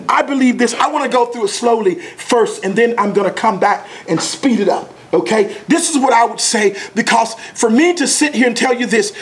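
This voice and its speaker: High-voiced guy lecturing a sales team, talks super fast and gets all fired up like a preacher. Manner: fast, passionate, preacher-like delivery. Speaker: sales trainer speaking at an academy. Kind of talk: motivational lecture.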